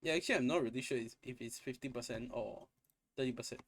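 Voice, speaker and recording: A man's voice: mid-range voice, quick pace. A young man ranting in a casual gaming commentary, exasperated and profane, often repeating and restarting his phrases. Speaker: gaming content creator.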